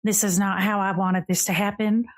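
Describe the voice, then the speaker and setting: A woman's voice: medium pitch, little pitch movement, normal speed, close to an everyday voice. A woman voicing a tall, whimsical fey lady who gushes, apologizes and rambles off track. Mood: rambling. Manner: gushing, apologetic, rambling and distracted.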